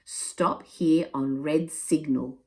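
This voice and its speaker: A woman's voice: sits low, fairly even intonation, takes it slowly, warm tone. A woman voicing a careful, sensible young boy. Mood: explaining.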